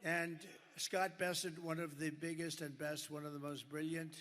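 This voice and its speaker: Crowd noise and arena echo surround an older political candidate giving a rambling rally speech from the podium. His voice is a little high and a bit bright, flat in delivery at a moderate pace, packed with superlatives and remarks to the audience.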